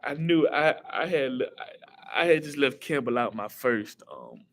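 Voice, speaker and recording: A young man hosting a casual livestream, thinking aloud through quiz answers and talking back to his chat in an excitable way. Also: medium pitch, unhurried, gravelly. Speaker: livestream host.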